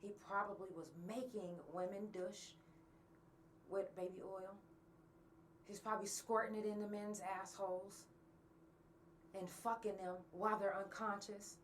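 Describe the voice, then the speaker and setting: A woman's voice: medium pitch, flat delivery, measured pace, pauses often, distant mic, a little hiss or hum. A woman hosting a podcast, talking bluntly and angrily to her listeners and swearing often. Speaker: podcast host. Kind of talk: candid monologue to listeners.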